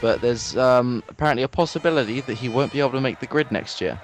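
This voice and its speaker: A young man co-commentating a race in a relaxed, analytical way, with dry jokes. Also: mid-range voice, quick pace, a little hiss or hum.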